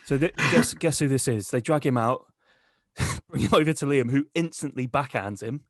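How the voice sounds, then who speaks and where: A man co-hosting a comedy podcast, telling a crude, deadpan tall tale. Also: mid-range voice, moderate pace, dry recording, studio quality. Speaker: podcast co-host. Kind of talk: comic storytelling.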